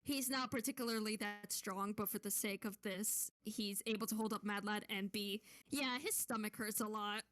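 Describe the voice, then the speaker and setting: A woman's voice: mid-range voice, moderate pace, hardly any pauses, fairly bright tone, dry recording. A woman player in a tabletop game, narrating her character's actions in a casual, chatty way.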